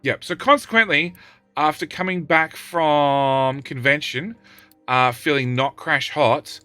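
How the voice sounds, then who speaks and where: A man's voice: on the high side, takes it slowly, sharp tone, dry recording, faint music behind. A middle-aged man, live-streaming a game, bossing his in-game units about and bantering loosely with chat. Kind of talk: live gameplay stream, chatting with viewers.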